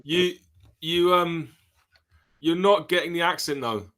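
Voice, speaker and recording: A man's voice: fairly high pitch, takes it slowly, a bit bright. A British man hosting a casual podcast interview, chatty and storytelling, with rambling questions. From Britain. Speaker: podcast host, drummer.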